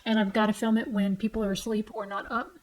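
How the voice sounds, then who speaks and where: A woman's voice: medium pitch, little pitch movement, fast talker, low-quality recording. A woman in her forties venting at home in a heated, profane rant, retelling arguments line by line. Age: 40s. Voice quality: heavy swearing, blunt and heated. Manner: retells arguments with quoted back-and-forth. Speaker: vlogger. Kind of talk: angry personal rant. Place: home, sitting on a tall stool.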